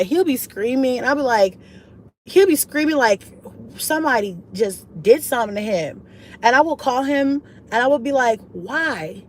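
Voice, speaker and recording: A woman at a mid-range pitch chats loosely with her viewers as a mom vlogger, animated and slangy, her voice leaping up whenever something excites her. A faint hiss of noise sits under the talk. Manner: animated and chatty, often jumps high in pitch and laughs; slangy, relaxed street talk. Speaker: mom vlogger and channel host. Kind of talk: casual livestream chat reading viewer comments.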